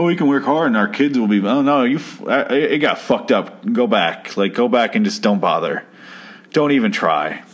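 Lower-voiced man, sarcastic rambling podcast host, swears a lot, does the characters' lines himself. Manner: sarcastic, rambling, swears freely, acts out quotes. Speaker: podcast host reviewing an old TV episode. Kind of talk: casual profane commentary.

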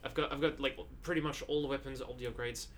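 A man's voice: medium pitch, steady tone, fast talker, slight background noise. A man in casual chat about games, playful and teasing, swearing casually.

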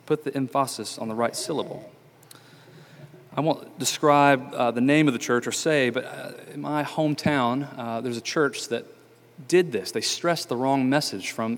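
A man preaching a sermon as pastor, talking conversationally with frequent fillers and restarts. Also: mid-range voice. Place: church sanctuary. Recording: church hall reverb.

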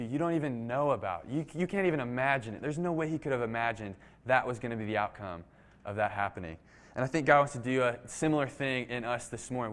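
A man delivering a sermon in a loose, conversational way. He tells a story and slips into the voices of its characters, then comes back to address his congregation directly. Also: medium pitch. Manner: animated storytelling, acts out quoted dialogue; casual, frequent "like". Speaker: pastor.

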